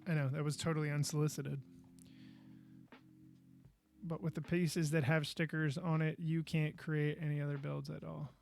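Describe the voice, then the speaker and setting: A man's voice: on the high side, level tone, normal speed, creaky, long pauses, a little mellow, soft background music. A man hosting a live podcast, chatting casually and goofily while he builds, with frustrated outbursts. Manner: goofy, chatty, exclaims in frustration. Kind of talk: casual live-stream chat.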